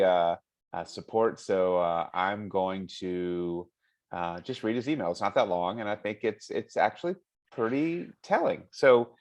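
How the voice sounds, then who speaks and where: A man hosting a medical podcast, chatting casually and reading a listener's email aloud with frequent laughs. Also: lowish voice. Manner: chatty and amused, laughs often. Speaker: hand surgeon podcast host.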